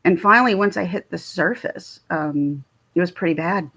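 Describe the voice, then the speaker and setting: A middle-aged woman with a Philadelphia accent talks to her viewers in a loose, rambling livestream chat. Her voice has a gravelly fry and a husky edge. She laughs a lot and often breaks off mid-sentence to start again. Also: on the low side, moderate pace, a bit bright. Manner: chatty, laughs often, trails off and restarts. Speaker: livestream host. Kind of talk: casual livestream chat answering viewer comments. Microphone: phone or webcam livestream.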